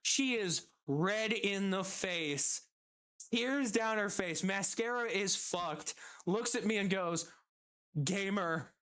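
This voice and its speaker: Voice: mid-range voice, expressive, slow, a bit bright, smooth. A streamer casually telling a work story, swearing and acting out the people in it. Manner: swearing, laughing at his own story; acts out quoted customers and bosses.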